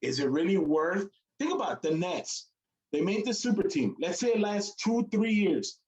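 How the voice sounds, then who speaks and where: A man's voice: high voice, sing-song, moderate pace, darkish tone, highs cut off. A man co-hosting a casual sports chat, rambling and hesitant, often fumbling for names. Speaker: co-host. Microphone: streamed call mic.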